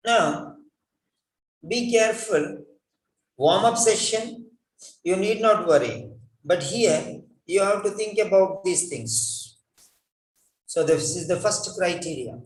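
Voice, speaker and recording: Man teaching english pronunciation, high voice, slow and deliberate, spells words letter by letter, echoey room, sits back from the mic. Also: expressive, distant mic, slight background noise. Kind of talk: spoken English lesson.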